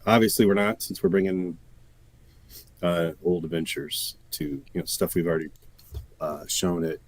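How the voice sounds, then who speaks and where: A man's voice: deep voice, normal speed, no echo. A male game designer answering interview questions briefly and casually, often holding back details. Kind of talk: casual live-stream interview.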